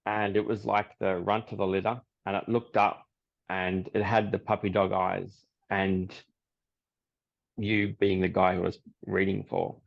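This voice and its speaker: Man, psychic guest, relaxed storyteller; gravelly tone, muffled lo-fi audio. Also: deep voice, a little slow. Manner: storytelling, relaxed, laughs often. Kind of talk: casual podcast interview. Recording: dull lo-fi audio.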